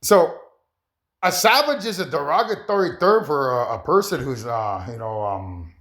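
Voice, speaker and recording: Rambly guy talking to camera, laughs a lot, voice jumps all over, kinda high. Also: moderate pace. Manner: excitable, laughs often, rising into high bursts. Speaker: vlogger. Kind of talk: rambling casual monologue to viewers.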